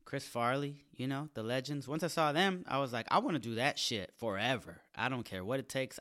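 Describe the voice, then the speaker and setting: Bright-voiced, hyped-up joking comedian. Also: male voice, medium pitch. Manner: energetic, profane, self-mocking joking. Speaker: stand-up comedian and podcast host. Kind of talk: solo podcast intro monologue. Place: small studio apartment, indoors.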